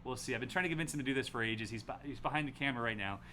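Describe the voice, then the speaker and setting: A man's voice: mid-range voice, racing, pushed and bright, a little hiss or hum. A man hosting a casual aviation livestream, upbeat and reading viewer names from the chat. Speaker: livestream host.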